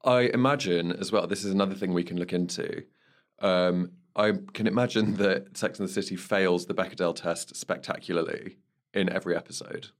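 A man's voice: deep voice, fairly even intonation, normal speed. A man co-hosting a podcast, chatting casually about a TV series and laughing often. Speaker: podcast co-host. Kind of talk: casual chat reviewing a TV series.

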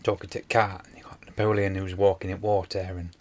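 A man's voice: deep voice, level tone, brisk, darkish tone. A man, casually retelling a TV episode on a podcast, rambling with many fillers. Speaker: podcast co-host. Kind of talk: casual chat.

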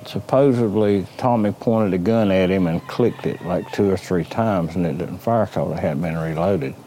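Deep dark-voiced man. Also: normal speed. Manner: plain, hesitant retelling. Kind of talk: recalled interview account. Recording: faint background noise.

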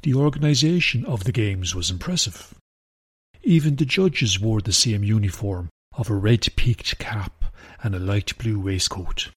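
A man with a low, husky voice reads a storybook tale in an even, gentle way. The sound is dry and close to the mic. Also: measured pace, no echo. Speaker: narrator. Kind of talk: scripted storybook narration.

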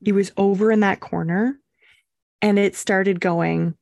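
A young woman co-hosting a podcast, telling a story in a casual, animated way and acting out quotes. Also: medium pitch, unhurried, creaky, dry recording. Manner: animated, acts out quotes with swearing and laughs. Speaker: podcast co-host.

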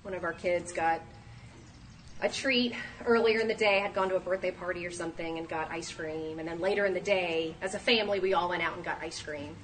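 A woman in her thirties giving a sermon, lively and acting out the voices she quotes. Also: lowish voice, brisk. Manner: animated, acts out quoted voices. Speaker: speaker at a church talk. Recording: distant mic, faint room noise.

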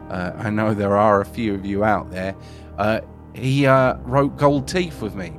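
A man hosting a podcast, chatting casually in a rambling, self-deprecating way. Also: on the low side. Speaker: podcast host. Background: music.

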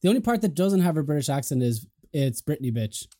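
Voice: medium pitch, big pitch swings, fast, warm tone, no echo, clean studio sound. A podcast host chatting casually with a co-host, laughing often and swearing offhandedly, wearing headphones. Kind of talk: casual chat.

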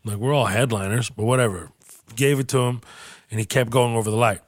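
A man hosting a podcast, telling a long comedy anecdote in a loose, profane, animated way and acting out the people in his story. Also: mid-range voice, a little fast, no echo, studio quality.

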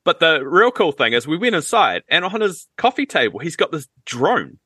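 Bright, dry-sounding easygoing man. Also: a little high, very animated, slightly rough, no room sound. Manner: easygoing, quick joking asides. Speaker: podcast co-host. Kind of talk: casual chat.

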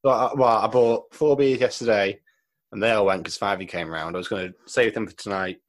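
A podcast co-host with a fairly low voice trades casual banter at a brisk pace. He tells jokey stories, swears freely, and laughs often.

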